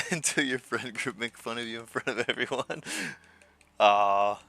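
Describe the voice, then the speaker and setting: A man's voice: medium pitch, a little fast, sharp tone, no echo. A man streaming live, chatting casually with his viewers, chuckling often and repeating words as he answers them.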